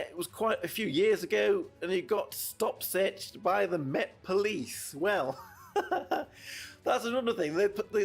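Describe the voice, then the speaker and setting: A man from the north of England talks through his gameplay stream in a chatty, rambling way, circling back and restarting his sentences. His voice sits high and swoops around a lot. There is a slightly husky edge to it. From United Kingdom. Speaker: VTuber streamer. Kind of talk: casual gameplay commentary.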